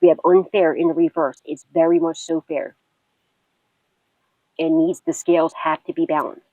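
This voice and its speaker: A woman's voice: sits low, flat delivery, moderate pace, dark tone, no room sound, low-quality recording. A woman giving a tarot reading to her viewers. She talks bluntly and swears often, laughs a lot, and keeps repeating reassurances. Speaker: tarot reader and psychic.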